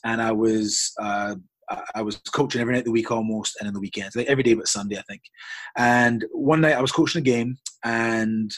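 Husky man telling a rambling story. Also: medium pitch, fairly even intonation, fairly quick, no echo. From Scotland. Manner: earnest, rambling storyteller with frequent restarts. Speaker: basketball coach, interview guest. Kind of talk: long personal storytelling in an interview.

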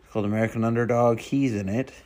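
A man's voice: medium pitch, fairly even intonation, quick pace, darkish tone. A man chatting casually and rambling to himself while browsing online, swearing often and muttering under his breath. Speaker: vlogger.

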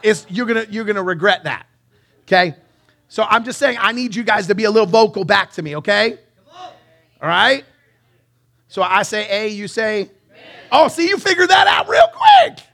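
A pastor preaching a live sermon in church, lively and joking with his congregation. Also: high-pitched, normal speed, vocal fry, pauses often. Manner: lively, banters with the congregation and sings song snippets. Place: church sanctuary.

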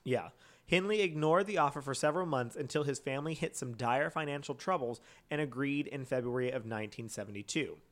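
A man's voice: mid-range voice, fairly quick, fairly bright tone. Man rambling through a crime story. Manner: rambling, many fillers, laughs often. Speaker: podcast co-host telling a true crime story. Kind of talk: casual storytelling chat.

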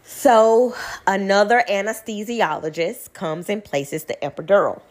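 Young woman, blunt, animated, swearing, casual storytelling. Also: mid-range voice, measured pace.

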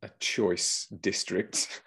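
A man's voice: extremely slow, a bit bright. A man in casual chat, telling a story animatedly and acting out the voices of the people in it.

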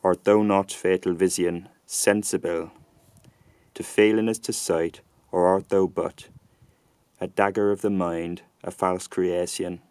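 Haunted Macbeth read by an Englishman, low-pitched, steady and measured. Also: clear, resonant tone, no echo. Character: Macbeth, haunted Scottish nobleman addressing a dagger. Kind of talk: dramatic Shakespeare recitation.

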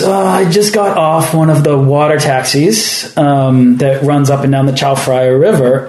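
Podcast guy musing about travel, room echo, mid voice. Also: medium pitch. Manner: reflective, animated storyteller. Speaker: podcast host. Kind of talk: casual conversational chat. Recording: roomy echo.

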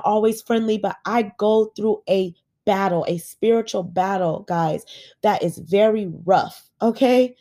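Woman podcast host, earnest and preachy, mid-pitched, recorded at home in bed. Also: dark tone. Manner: earnest, preachy, addresses listeners as guys. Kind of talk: emotional faith encouragement. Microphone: home podcast setup.

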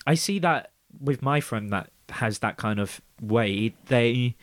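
Lively young man, casual chat. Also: mid-range voice, slow, no echo. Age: 20s. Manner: swearing, lively, many fillers. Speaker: podcast host.

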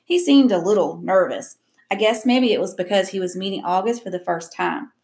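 A woman's voice: medium pitch, a little fast, a little mellow. A woman reading a novel aloud in a casual way, with small slips and rereads. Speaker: reader.

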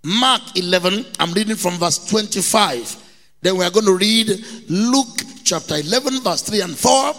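A man's voice: high-pitched, lively intonation, moderate pace, sharp tone, big-room sound. A middle-aged Nigerian man with a Nigerian accent, preaching a sermon as pastor, emphatic and repetitive, acting out people from his stories. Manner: emphatic preaching, repeats key words, mimics people in anecdotes.

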